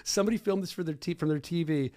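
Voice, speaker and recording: Man, middle-aged, podcast host, brash, joking, rapid, higher voice. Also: dark tone. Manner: brash, joking, talks over clips. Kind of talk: casual podcast chat.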